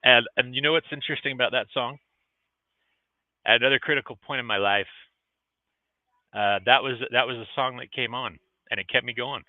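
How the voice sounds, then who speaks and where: A man's voice: medium pitch, steady tone, brisk, long pauses, no room sound. A middle-aged man hosting a motivational livestream vlog from a restaurant, talking in an earnest, encouraging way. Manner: earnest and encouraging, emotional at times. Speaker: vlogcast host. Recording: tinny phone-like audio.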